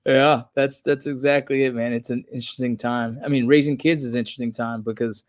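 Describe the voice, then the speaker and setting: A man's voice: mid-range voice, fairly even intonation, moderate pace, no echo. Earnest man in casual chat, dry sound. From United States. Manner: earnest, rambling, says "bro" and "man". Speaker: podcast guest, veteran.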